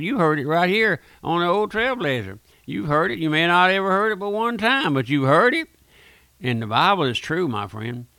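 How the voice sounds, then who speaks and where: Brief: male radio preacher, gravelly and fairly high-pitched, pleading and direct, dry close sound. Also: a bit bright, no echo. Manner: pleading, repeats "my friend", addresses listeners directly. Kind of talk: fervent radio sermon. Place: radio studio.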